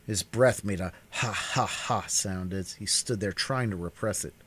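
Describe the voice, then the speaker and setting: A man's voice: on the low side, measured pace, a bit bright, breathy edge. A man doing a cold read of a novel on a live stream, narrating expressively.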